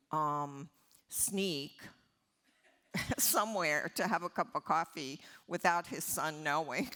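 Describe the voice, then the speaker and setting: Older woman columnist, bright and animated, telling stories on stage with laughs. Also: sits low. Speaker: interview guest, columnist. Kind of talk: anecdotal storytelling on stage.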